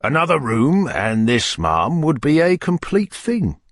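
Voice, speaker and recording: A man voicing a pompous, amorous middle-aged parish beadle who woos in courtly, wheedling tones that sink to soft murmurs. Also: a little high, very animated, measured pace, no room sound, studio quality, pitched above the performer's own voice, heavily acted. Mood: wooing.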